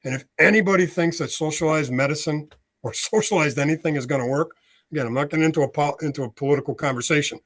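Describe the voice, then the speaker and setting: An older man in his sixties from the United States tells his story on a podcast, bringing the dialogue to life as he speaks. His voice sits a little high for a man. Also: quick pace. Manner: animated storyteller, acts out dialogue. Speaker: podcast guest, author and veteran.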